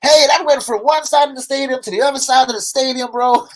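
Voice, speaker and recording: A man's voice: steady tone, fast talker. A man putting on a gushing American sports commentator voice during his football stream. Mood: excited. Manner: loud, gushing, high-pitched play-by-play.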